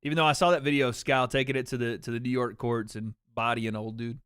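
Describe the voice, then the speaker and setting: A man's voice: mid-range voice, fairly even intonation, fast, a bit bright, clear, resonant tone, no echo, clean studio sound. A man hosting a livestream watch party in casual chat, brash and opinionated, swearing freely.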